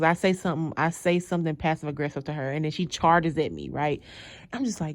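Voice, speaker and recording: Storytelling woman, lowish voice, lively, acts out her lines, dry close mic. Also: moderate pace, no echo. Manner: animated, acts out her own lines, laughs often. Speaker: host telling a dream. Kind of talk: casual storytelling.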